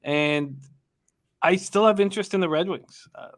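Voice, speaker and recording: A man hosting a live sports betting show, rattling off betting lines quickly and hyping up his guests. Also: high-pitched, a bit bright. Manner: rapid-fire reading of betting lines.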